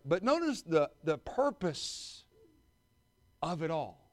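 A pastor in his thirties delivers a sermon, mixing folksy jokes with rising, fervent preaching. His voice sits high for a man and rings smooth and clear. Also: big pitch swings, normal speed. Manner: folksy humor building to loud fervent preaching.

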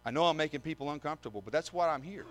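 A man's voice: fairly high pitch, lively intonation, very fast. A man preaching a sermon, reading scripture aloud and then speaking emphatically, repeating words, with dry humor. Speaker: visiting preacher.

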